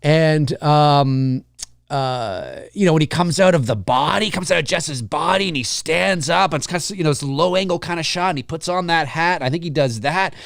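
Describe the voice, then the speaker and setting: A man hosting a live film talk, enthusiastic and rambling with many fillers, dropping into quick mimicked voices. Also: a little high, creaky, fairly bright tone, no room sound, clean studio sound. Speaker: host.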